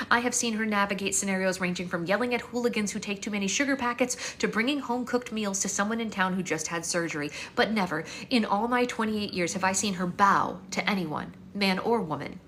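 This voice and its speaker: A woman with a medium-pitched voice reads her own novel during a live stream at home. Recorded on a phone mic with a little hiss or hum, her first-person narration comes across as wry and expressive.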